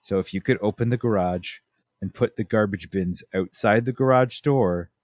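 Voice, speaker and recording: A man in his thirties co-hosts a relaxed chat, his voice sitting low and recorded close and dry. He tells family stories with energy, jumping into quoted voices along the way. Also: moderate pace, no echo. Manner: animated storytelling, acting out his family's lines. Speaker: podcast co-host. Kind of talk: casual chat.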